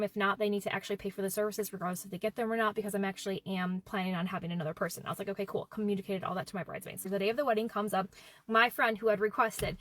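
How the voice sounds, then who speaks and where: A woman telling a personal story in an animated way, acting out what people said. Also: mid-range voice, dry recording. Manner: animated, quoting people in dialogue. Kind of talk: casual storytime.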